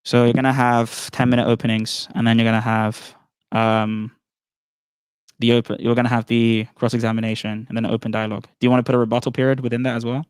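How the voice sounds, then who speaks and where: A man's voice: medium pitch, little pitch movement, fast talker, clear, resonant tone, no echo. A man casually hosting a livestreamed debate, joking and teasing the others. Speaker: debate host.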